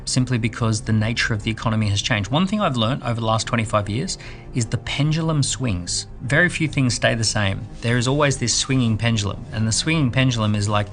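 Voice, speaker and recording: A middle-aged man talking in an interview in a relaxed, reflective way. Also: mid-range voice, brisk, faint music behind. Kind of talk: interview talk.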